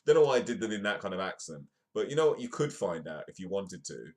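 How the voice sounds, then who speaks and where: Man, comedic news host, lowish voice, reads stories aloud, jokey asides. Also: very animated, quick pace, darkish tone. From United Kingdom. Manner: jokey, ad-libbing asides while reading aloud.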